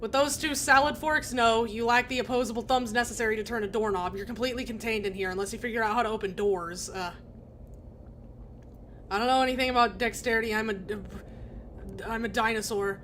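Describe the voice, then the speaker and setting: A woman's voice: on the high side, brisk, fairly bright tone, a little hiss or hum. Giggly woman streaming a game. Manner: giggly, reads game text with casual asides. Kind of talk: game stream reading text aloud.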